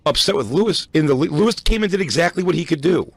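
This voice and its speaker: A man's voice: a little high, animated, fast, husky, no echo. A man hosting a podcast, rambling through a story with frequent restarts and plenty of swearing. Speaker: podcast host. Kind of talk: casual chat.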